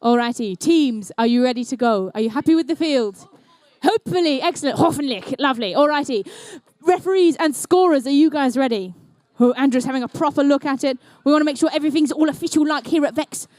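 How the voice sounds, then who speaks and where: A woman's voice: high-pitched, fairly quick, hardly any pauses, darkish tone, dry recording. A woman commentating a live indoor competition and emceeing it, with playful, jokey banter aimed at the crowd.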